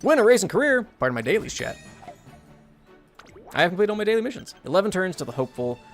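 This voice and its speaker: Chatty male streamer, very expressive pitch, giggly, faint chiptune bed. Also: quick pace, soft background music. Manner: chatty, animated, giggly, swears casually. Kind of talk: casual gameplay commentary.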